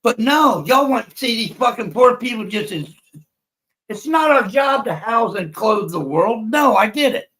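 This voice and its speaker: A livestream panelist from the United States rants in anger, cursing nonstop in a heated, profane way. He has a high, fairly bright voice, animated and at a moderate pace, on a low-quality recording.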